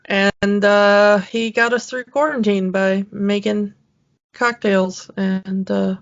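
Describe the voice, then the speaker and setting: A woman co-hosting a podcast in casual chat, rambling with many fillers and quick laughs. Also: mid-range voice, flat delivery, dull audio. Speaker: podcast co-host.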